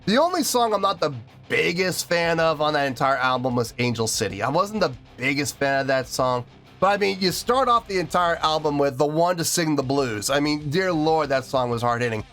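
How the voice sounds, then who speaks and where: A man's voice: fairly high pitch, expressive, normal speed, fairly bright tone. A man hosting a music reaction video, talking in an earnest, rambling way and repeating himself, choked up and teary. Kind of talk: casual reaction video talk.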